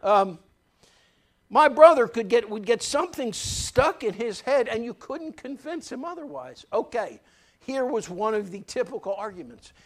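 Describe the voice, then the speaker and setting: A man's voice: very high-pitched, very animated, moderate pace. A man preaching a sermon as pastor, emphatic and folksy, repeating key phrases and telling stories from his own life. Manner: folksy, tells personal anecdotes.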